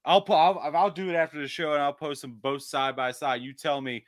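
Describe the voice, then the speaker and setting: A man's voice: fairly high pitch, steady tone, brisk, dry recording, clean studio sound. A man co-hosting a podcast in casual chat, rambling with lots of filler words and cheerful swearing. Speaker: podcast co-host.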